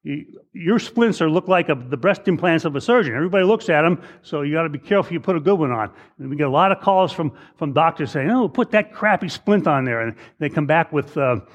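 A man's voice: a little high, animated, fast, few pauses. Rambling male doctor giving a lecture. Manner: conversational, repeats words, acts out patients in raised voice. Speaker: emergency physician lecturing. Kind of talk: case-based medical lecture with anecdotes.

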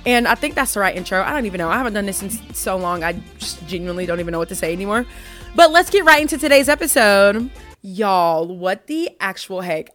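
A woman's voice: fairly high pitch, fairly bright tone. A young woman hosting a casual faith podcast, rambling and self-mocking as she chats with listeners. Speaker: podcast host.

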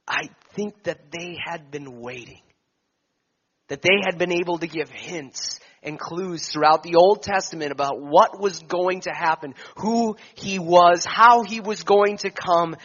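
A man delivers a sermon in a high voice at an unhurried, deliberate pace. He builds lines with emphasis, then lets them fall almost to a whisper. The recording sounds a little dull and muffled. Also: sharp tone. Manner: slow and emphatic, swelling then dropping to near whispers. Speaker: preacher.

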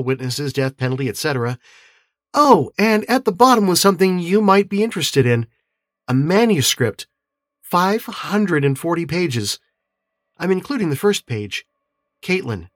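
A man's voice: fairly high pitch, no room sound, studio quality, pitched above the performer's own voice, close to an everyday voice. A man voicing a chatty young female office assistant in an audiobook, breezy and playful.

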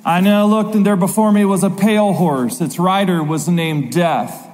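A man preaching a sermon, reading scripture aloud dramatically with slow, emphatic stresses. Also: sits high, steady tone, a little mellow. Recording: long reverb of a large hall.

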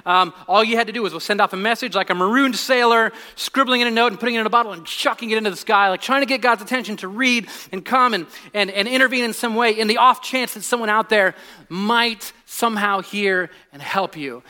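Pastor, man in his 40s, high clear voice, loose storytelling sermon. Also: brisk. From United States. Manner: animated storytelling, drops to a hushed voice on serious points, many restarts. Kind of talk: conversational sermon.

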